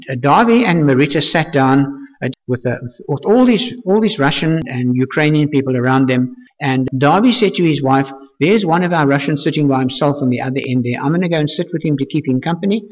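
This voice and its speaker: An older man, a pastor telling a testimony in earnest, storytelling fashion, repeating phrases for emphasis. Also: mid-range voice. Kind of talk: testimony sermon. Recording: echoey hall, dull lo-fi sound.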